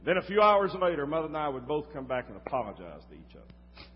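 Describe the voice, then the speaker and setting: An older man preaching a sermon, telling a personal story with dramatic swings from loud to hushed. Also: a little high, sing-song, fast talker. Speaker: pastor. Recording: reverberant hall, slightly dull sound.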